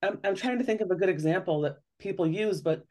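A parenting author speaks earnestly in a conversational interview, explaining her points and often acting out the questions she describes. Her voice is lowish, fast and darkish in tone.

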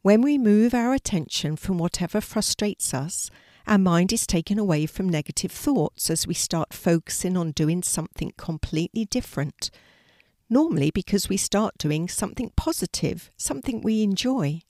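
Gentle guardian angel lady, storyteller doing her, soft and patient, giving advice. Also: medium pitch, expressive, normal speed, no echo, clean studio sound, lightly acted. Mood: soothing.

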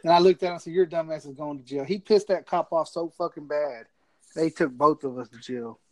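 A man's voice: a little high, fairly quick, noisy background. A man telling a rowdy, profanity-laced story in casual chat.

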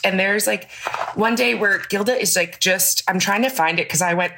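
A woman's voice: fairly low pitch, animated, pushed and bright, slight background noise. A woman guest on a podcast, talking candidly and reflectively in a casual chat. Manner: candid and reflective, quick to laugh.

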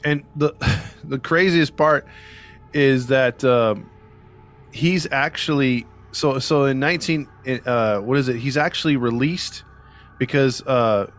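A man's voice: mid-range voice, takes it slowly, a bit bright, faint music behind. A man hosting a podcast, telling a true-crime story in casual chat with lots of fillers and sarcastic asides. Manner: rambling, frequent "you know" fillers and restarts. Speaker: podcast host.

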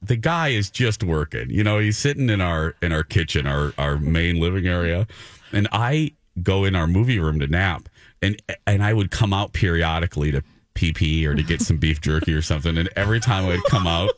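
A man's voice: deep voice, expressive, fairly quick, dry recording, clean studio sound. A man hosting a radio show, chatting casually in a rambling, self-mocking way with many restarts. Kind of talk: casual morning-show chat.

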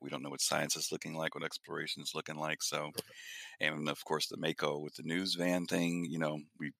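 A man co-hosting a casual gaming podcast, speaking in a measured, thoughtful way. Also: rumbling low, creaky, bright, forceful tone, no echo. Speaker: podcast co-host.

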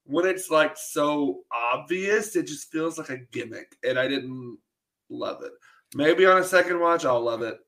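Relaxed man moderating a podcast chat. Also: fairly high pitch, a little slow. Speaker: podcast co-host. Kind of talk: casual chat.

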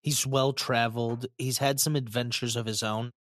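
A man's voice: mid-range voice, fairly even intonation, moderate pace, a bit bright, no echo. A man in casual podcast chat, talking in an enthusiastic, effusive way.

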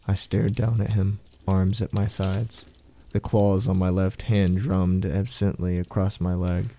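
A man reading a first-person horror story aloud as a storyteller, in a slow, brooding way. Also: sits low, level tone, dark tone, a little hiss or hum.

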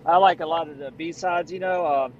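A man's voice: on the high side, steady tone, normal speed, muffled recording, background noise. A man chatting casually on a podcast, rambling with many fillers and calling people man and dude.

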